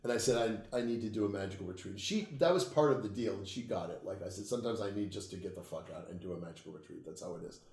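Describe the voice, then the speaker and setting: Profane storytelling guy, animated, echoey room sound. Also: on the low side, rapid-fire, hardly any pauses. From United States. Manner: profane, animated storytelling, laughs at own tales. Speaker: interview guest, occult author. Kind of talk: casual storytelling interview.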